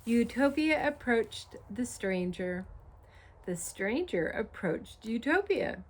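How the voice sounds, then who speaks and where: A woman reading a picture book aloud in an expressive, unhurried storytelling manner, with soft asides to the listener. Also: fairly high pitch. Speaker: storybook reader.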